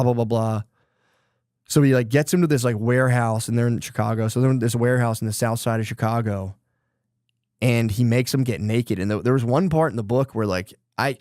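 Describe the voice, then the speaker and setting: Male podcast host, mid-pitched, loose and rambling, salty language, dry close mic. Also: a little mellow, dry recording. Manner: loose, rambling retelling of a book plot, with profanity. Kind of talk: casual chat.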